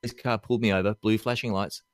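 A man's voice: on the low side, quick pace, dry recording, clean studio sound. A man with an Australian accent, chatting as a podcast guest and telling stories with lots of laughs. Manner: animated storyteller who laughs often and acts out quotes. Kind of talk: casual chat.

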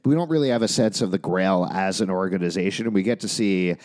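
A man hosting a casual podcast chat who recaps a TV episode, jokes around and runs through plot points in quick lists. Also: deep voice, darkish tone.

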